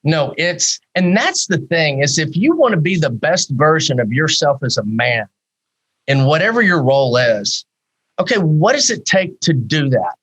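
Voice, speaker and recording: Candid, animated male psychologist. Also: on the high side, moderate pace, husky, poor audio. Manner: animated, rhetorical questions, candid storytelling. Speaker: psychologist guest. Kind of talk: podcast interview.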